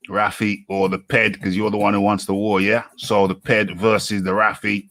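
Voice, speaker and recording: A man's voice: on the low side, flat delivery, fairly bright tone, no echo. A man hosting a live boxing talk show, chatty and teasing. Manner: chatty, teasing, quick asides. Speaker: host.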